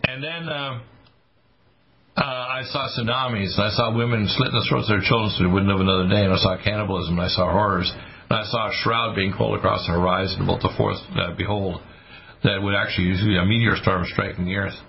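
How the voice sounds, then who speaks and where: A man's voice: on the low side, fairly even intonation, quick pace, creaky, breathy edge. A male radio talk show host giving a rambling, intense, preachy monologue about the end times. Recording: muffled lo-fi radio broadcast.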